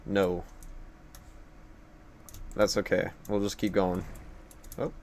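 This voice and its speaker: A man's voice: sits low, little pitch movement, takes it slowly, darkish tone, slight background noise. A young man live-streaming a game at his computer, rambling and joking at his own expense. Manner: rambling, joking and self-deprecating. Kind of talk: casual gameplay live-stream commentary.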